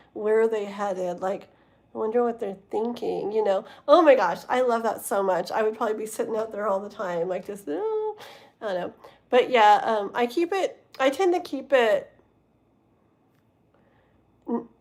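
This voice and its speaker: A woman's voice: medium pitch, gravelly. A young adult woman doing a tarot reading on a livestream, casually chatting with viewers and filling her speech with "like" and "you know.". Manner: reads chat messages aloud and greets viewers by name. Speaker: tarot reader and livestream host.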